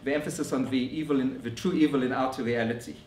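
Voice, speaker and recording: A man giving a scholarly conference lecture in a measured way, often restarting his phrases. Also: medium pitch, fairly even intonation, darkish tone, a little hiss or hum. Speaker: academic lecturer. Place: lecture room. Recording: roomy echo from a distant mic.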